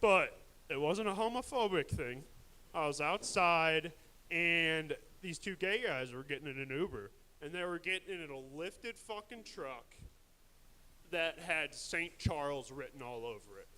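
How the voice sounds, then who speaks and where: A man's voice: fairly high pitch, expressive, measured pace, pushed and bright, poor audio. A young man doing a crude, rambling stand-up set at a live open mic, mocking himself along the way.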